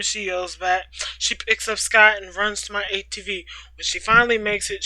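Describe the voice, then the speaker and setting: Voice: mid-range voice, bright, forceful tone, dry recording, poor audio. A storytime host reading a fan story aloud, stopping often for playful, slangy comments and laughs. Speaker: storytime reader.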